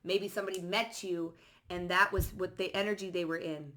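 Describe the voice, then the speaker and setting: A woman's voice: lowish voice, fairly even intonation, a little fast, a bit bright. A woman doing a casual tarot reading, blunt and profane, reading card phrases aloud in short bursts. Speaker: psychic tarot reader.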